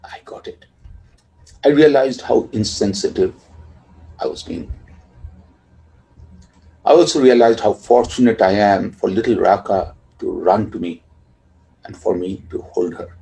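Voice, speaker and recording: A father speaks softly and reflectively, his voice low and gravelly with a heavy, husky grain. The tone is dark and mellow, and at times it sinks nearly to a whisper. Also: measured pace, long pauses, low-quality recording. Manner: soft, reflective, drops to near-whispers. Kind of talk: reflective personal storytelling.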